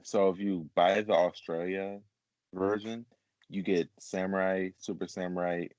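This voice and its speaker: A man's voice: low-pitched, fairly even intonation, unhurried, darkish tone, no room sound, muffled recording. A man co-hosting a casual group chat, rambling, swearing and laughing often. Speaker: podcast co-host.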